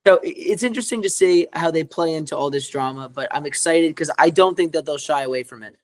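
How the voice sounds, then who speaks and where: A man's voice: fairly high pitch, quick pace, no room sound. A man co-hosting a podcast in casual chat, rambling with lots of fillers and restarts. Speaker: podcast co-host.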